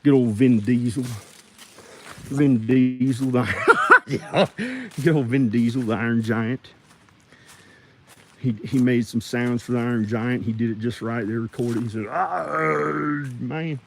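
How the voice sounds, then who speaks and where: A man rambling and joking casually to viewers as he clears out old junk. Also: medium pitch, level tone, normal speed, pauses often, dark tone, a little hiss or hum. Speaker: video creator.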